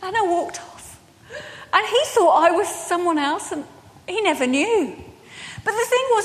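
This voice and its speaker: High-voiced woman preaching in a reverberant church. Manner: lively storytelling, acting out dialogue with laughs. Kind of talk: sermon.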